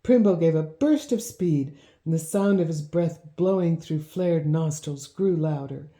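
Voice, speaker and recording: A woman reads a storybook aloud in a measured, gently expressive way. Her voice is low and very mellow, and a roomy echo hangs on every phrase. The delivery is steady and even-handed. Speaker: audiobook narrator. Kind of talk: storybook reading.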